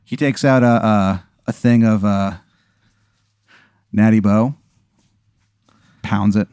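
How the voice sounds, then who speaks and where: A man co-hosting a comedy podcast, telling an improvised story in a deadpan way. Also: lowish voice, slow pace, clean tone, dry recording, clean studio sound. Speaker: podcast co-host.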